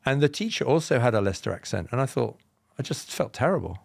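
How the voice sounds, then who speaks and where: A man from England with a southern, BBC-style received pronunciation accent, telling personal stories as a podcast guest in a measured, explanatory way with self-deprecating humour. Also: medium pitch, very animated, vocal fry, no room sound, clean studio sound. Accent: Southern English, BBC-style received pronunciation. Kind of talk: reflective personal storytelling.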